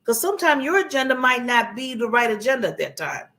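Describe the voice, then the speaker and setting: A woman's voice: fairly high pitch, very animated, quick pace, sharp tone. A woman giving earnest, emphatic motivational advice on a talk show in a broadcast studio, often repeating phrases for emphasis. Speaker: guest speaker giving advice.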